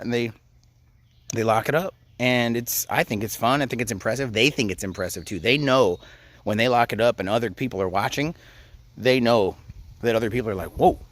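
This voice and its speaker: A man's voice: mid-range voice, a bit bright, dry recording. A man in his thirties giving casual parenting advice to camera, frank and conversational, with frequent hesitations. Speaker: parenting coach.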